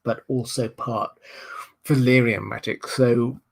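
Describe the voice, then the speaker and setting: A man's voice: mid-range voice, steady tone, slow pace, creaky. A man with a Southern English accent, from Hampshire, hosting a livestream and answering viewer questions in a thoughtful, hesitant way with many ums and uhs. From Hampshire, England. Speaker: livestream host.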